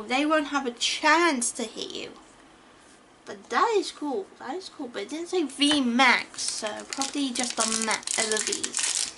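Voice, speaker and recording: High-voiced woman chatting while opening cards. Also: a little slow, noisy background. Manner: chatty, stumbles over card names, excited gasps at good pulls. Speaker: YouTuber opening trading card packs. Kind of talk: casual card-opening commentary.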